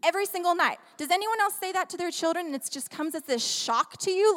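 A high-voiced woman preaches with animated, playful humor, tossing questions to her listeners. She speaks into a handheld mic. Her words trail in the long reverb of a large church hall. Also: fast talker, hardly any pauses. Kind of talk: sermon. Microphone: handheld microphone.

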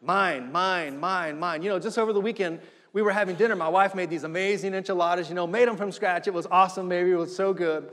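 A man's voice: high-pitched, steady tone, quick pace. A middle-aged man preaching a sermon as pastor, driving points home with repetition and rising emphasis. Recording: long hall reverb.

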